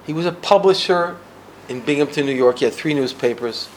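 Older man, from the US, storytelling, dramatic swings in volume, slightly high voice, faint background noise. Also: a little fast. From United States. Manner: dramatic, swings between loud bursts and hushed drops. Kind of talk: personal storytelling talk.

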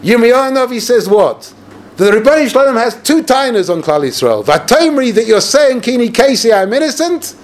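Animated, sarcastic rabbi giving a lively talk. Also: male voice, very high-pitched, moderate pace. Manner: animated and sarcastic, mixing Hebrew and Yiddish terms into English. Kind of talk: yeshiva-style Torah lecture.

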